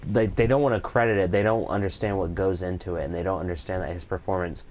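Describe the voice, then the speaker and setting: Low-voiced male co-host, laid-back, explanatory. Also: steady tone, fast talker, a little mellow. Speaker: podcast co-host. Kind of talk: casual live-stream chat.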